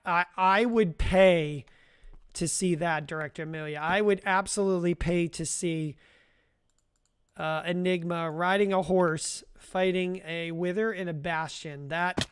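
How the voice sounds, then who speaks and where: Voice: medium pitch, fairly even intonation, a little slow, fairly bright tone, smooth, no room sound, studio quality. Live-stream gamer, casual running commentary, talks to chat directly, laughs a lot. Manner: chatty, talks to chat viewers by name; rambling with frequent restarts and self-amused laughs. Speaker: livestreamer.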